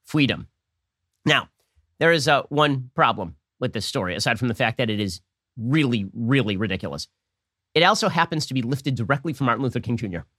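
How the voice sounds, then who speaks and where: Rapid-fire sarcastic male political commentator. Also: mid-range voice, animated, pushed and bright, dry recording, studio quality. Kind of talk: fast-paced political commentary monologue.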